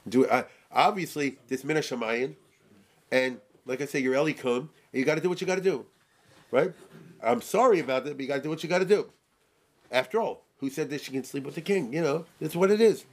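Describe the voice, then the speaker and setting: Male Torah teacher, informal class, animated, keeps checking in with rhetorical questions. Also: fairly high pitch, fairly quick.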